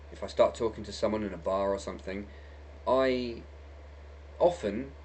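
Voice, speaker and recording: A man's voice: on the low side, a little hiss or hum. A man from England delivering an emphatic vlog monologue, repeating himself and tagging lines with "right?" and "okay?". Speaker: video blogger.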